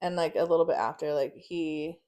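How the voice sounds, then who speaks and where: Young woman, lowish voice, blunt and profane, acts out every quote, laughs through it. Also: fairly quick, warm tone. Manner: swears freely, acts out quotes, laughs often. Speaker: podcast guest. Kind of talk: casual storytelling.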